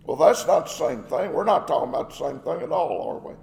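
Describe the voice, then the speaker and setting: A man's voice: fairly high pitch, very animated, a little fast, gravelly, a little mellow, reverberant, in a large hall. A man preaching a sermon, emphatic, asking rhetorical questions and acting out quoted exchanges.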